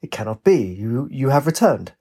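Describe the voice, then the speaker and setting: Male narrator as a wary, worn-out warrior, husky and guarded. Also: medium pitch, very animated, normal speed, mellow. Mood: stunned.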